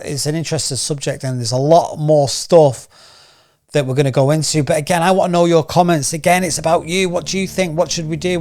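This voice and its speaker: A man's voice: a little high, a little mellow. A man hosting a casual news commentary channel, rambling and firing off rhetorical questions. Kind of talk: casual opinion commentary to camera.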